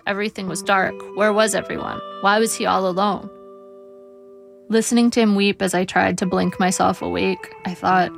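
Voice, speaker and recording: A woman reads her memoir aloud with a wry, measured and reflective delivery. Her voice has a gravelly fry at the edges and sits at a middle pitch. Faint guitar music plays softly behind her. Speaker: memoir narrator. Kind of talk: audiobook memoir narration.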